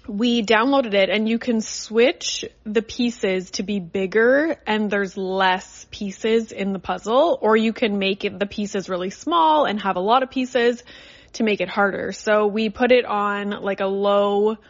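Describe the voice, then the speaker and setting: A woman's voice: medium pitch, a little slow, lo-fi sound. A young adult woman from Canada hosting a podcast in a casual, chatty, rambling way with lots of fillers. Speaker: podcast host. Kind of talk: casual solo chat. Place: in a car.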